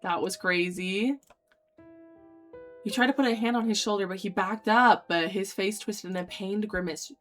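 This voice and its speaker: A young woman streamer reading a dating sim aloud, voicing its lines dramatically and breaking off into loud excited reactions. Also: medium pitch, moderate pace, soft background music.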